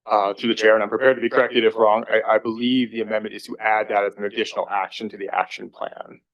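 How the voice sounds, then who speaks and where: A male city staff member answers councillors' questions about a plan. He explains carefully but talks quickly in a lowish voice. The sound is dry and close. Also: little pitch movement, no room sound, dull audio. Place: council chamber.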